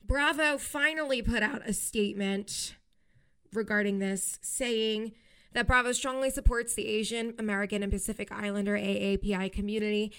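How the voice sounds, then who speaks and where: A woman's voice: medium pitch, steady tone, normal speed, fairly bright tone, clear, resonant tone. A woman hosting her own podcast, talking casually and emphatically about reality TV news. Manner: chatty, emphatic and heartfelt. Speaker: podcast host. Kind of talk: casual solo podcast commentary.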